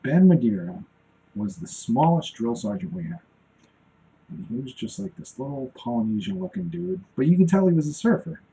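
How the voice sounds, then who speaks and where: Gravelly, lively-voiced man in his forties. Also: medium pitch, normal speed, slight background noise, rough recording. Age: 40s. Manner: rambling, talks to himself while working. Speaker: cartoonist streaming while drawing. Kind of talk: casual live-stream chat.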